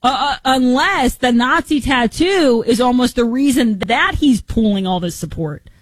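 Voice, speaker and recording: A woman's voice: on the high side, a little slow, no room sound, low-quality recording. Woman host doing political commentary, lots of rhetorical questions, dry close sound. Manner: incredulous, rhetorical, animated questioning. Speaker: political talk show host.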